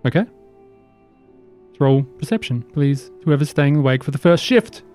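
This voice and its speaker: A young man acting as game master, calling for rolls and ruling briskly. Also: fairly high pitch, lively intonation, darkish tone, faint music behind. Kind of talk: running a tabletop game.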